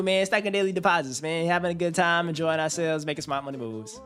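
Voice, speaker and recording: A man's voice: on the high side, fast, few pauses, fairly bright tone, soft background music. A man hosting a casual live stream, hyped and slangy, talking to his chat. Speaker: finance streamer.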